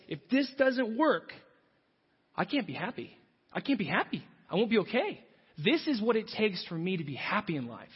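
Emphatic male pastor mid-sermon, husky voice, long hall reverb. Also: sits high. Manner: emphatic, repetitive, animated preaching. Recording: dull recording in a big reverberant hall.

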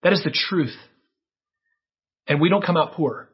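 Husky earnest preacher, muffled lo-fi sound. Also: male voice, fairly high pitch, a little slow. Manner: earnest, dramatic storytelling with sudden rises and hushed drops. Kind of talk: sermon. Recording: dull lo-fi sound.

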